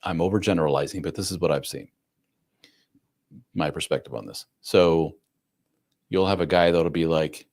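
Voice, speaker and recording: A man's voice: low voice, normal speed, long pauses, a little mellow. A man hosting a casual live stream, reading viewer comments and talking through them with lots of fillers and restarts. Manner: conversational, many fillers and restarts, reads comments aloud. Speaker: livestream host answering viewer comments.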